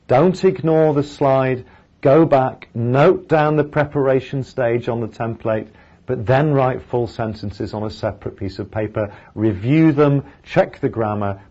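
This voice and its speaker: A man's voice: medium pitch, warm tone, dull audio. A male English teacher gives a recorded lecture over slides, explaining each step and then modelling sample sentences aloud.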